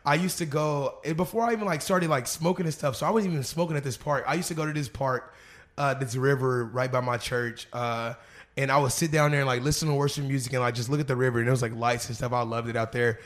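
A man's voice: mid-range voice, steady tone, fast. A young man from Arkansas telling stories in a loose, slang-heavy casual chat, full of fillers. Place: living room couch.

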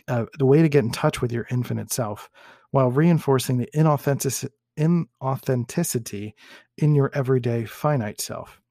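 A man reading a book passage aloud in a measured way, sometimes restarting words and adding comments of his own. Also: mid-range voice, mellow, dry recording, clean studio sound. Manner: measured, with occasional restarts and self-corrections.

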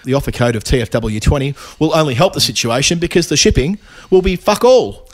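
A middle-aged man hosts a casual podcast in a chatty, rambling way. He slips in asides as he reads ads and introduces guests. His voice sits at an ordinary pitch. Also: animated, quick pace. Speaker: podcast host.

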